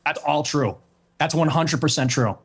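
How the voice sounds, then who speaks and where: A man's voice: on the high side, normal speed, slightly rough. A young man answering as an interview guest, blunt and defiant. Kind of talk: combative debate answers.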